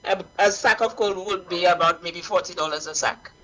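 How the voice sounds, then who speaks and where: A woman with a Saint Lucian accent calls in to a radio talk show, speaking at normal speed in a fairly low, fairly bright voice with the highs cut off. She's impassioned and preachy, repeating her points.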